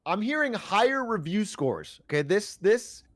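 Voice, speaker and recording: A man playing a mock investor judge, talking in fast, hyped, salesy streamer banter. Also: high voice, very animated, dry recording.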